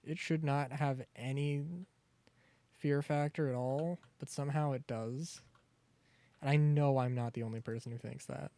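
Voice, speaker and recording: A man's voice: medium pitch, fairly even intonation, moderate pace, mellow, dry recording. A young man streaming a survival game, rambling through chatty asides and cutting himself off mid-thought. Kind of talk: casual gaming commentary.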